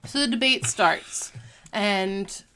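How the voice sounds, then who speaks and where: A woman hosting a casual chat, recapping an episode in a chatty way and sometimes slipping into quick character impressions. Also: medium pitch, noisy background. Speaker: podcast host recapping an episode.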